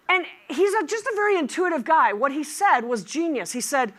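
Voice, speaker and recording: A middle-aged woman giving a conference keynote, lively and joking with the audience. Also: high voice, brisk. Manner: lively and animated, humorous asides to the audience. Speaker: keynote speaker.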